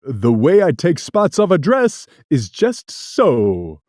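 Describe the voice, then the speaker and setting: A storyteller voicing a boastful, mischievous cat in a hat, in a low chuckling voice for a storybook reading. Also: wildly swooping pitch, slow pace, a little mellow, no echo, clean studio sound. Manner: chuckling, cocky, playful. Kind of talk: storybook read-aloud.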